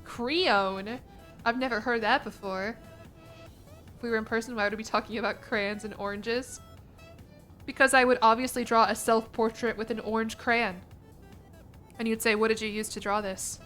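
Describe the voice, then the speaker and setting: A young American woman chatting casually on a stream, animated and quick to laugh as she answers her chat. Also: a little high, faint music behind. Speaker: vtuber streamer.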